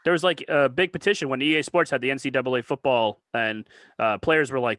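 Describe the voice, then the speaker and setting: A man's voice: mid-range voice, fairly quick, fairly bright tone, dry recording. Indignant, swearing podcast co-host man. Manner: indignant, profane. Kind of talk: casual sports chat.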